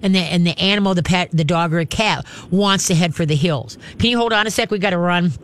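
A woman hosting a call-in pet advice radio show, giving direct, animated advice. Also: on the low side, fast. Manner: direct, animated, acts out cheerful praise voices.

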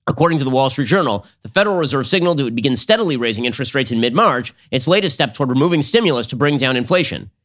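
Guy host ranting fast and sarcastic, mid-pitched voice. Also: fairly bright tone. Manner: sarcastic, rapid-fire, combative. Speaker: political commentary host. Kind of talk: fast monologue commentary.

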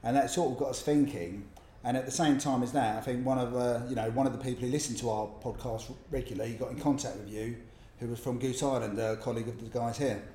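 A man co-hosting a casual podcast in a pub, relaxed and chatty. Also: medium pitch, fast. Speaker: podcast co-host. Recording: roomy pub with faint noise.

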